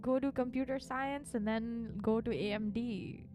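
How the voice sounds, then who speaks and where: A young woman streamer with a slightly high voice chats casually with her viewers. She rambles along, filling her sentences with "like" as she goes. Music plays clearly underneath her voice. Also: measured pace, dark tone. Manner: rambling, chatty, full of "like" fillers. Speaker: virtual streamer.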